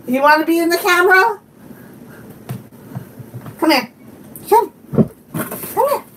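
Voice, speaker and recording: With a very high-pitched, slightly bright voice and lively intonation, a woman runs a relaxed home live stream, giggling a lot as she chats with viewers and her dog. She speaks slowly and pauses often. As the channel host she sits a little far from the mic, and faint room noise comes through.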